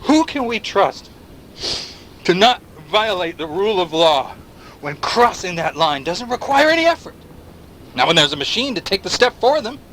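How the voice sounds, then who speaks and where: A man's voice: high voice, very animated, normal speed, fairly bright tone, slight background noise. An actor playing a paranoid male anti-surveillance activist in a video game, talking impassioned and firing rhetorical questions at the listener. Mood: impassioned rant. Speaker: game character.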